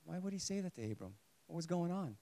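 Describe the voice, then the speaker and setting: Lively preaching man, higher voice. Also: fast, vocal fry. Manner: lively, asks the congregation questions, jokes. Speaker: pastor. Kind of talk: sermon.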